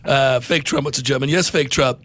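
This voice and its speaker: A man's voice: medium pitch, brisk, fairly bright tone, dry recording. A man hosting a talk show, chatting with sarcastic, mocking humor and frequent laughs. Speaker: radio host. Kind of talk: casual chat commentary.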